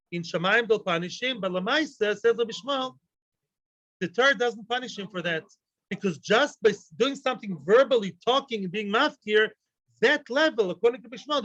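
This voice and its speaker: A man giving a Talmud class lecture, lively and joking and full of rhetorical questions to his students. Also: very high voice, dry recording. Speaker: Talmud teacher. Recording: dull lo-fi dry recording.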